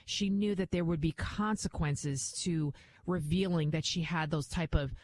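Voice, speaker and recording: A woman's voice: deep voice, measured pace, darkish tone, no echo, low-quality recording. A woman hosting a call-in radio show, speaking firmly and assuredly. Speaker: radio talk host.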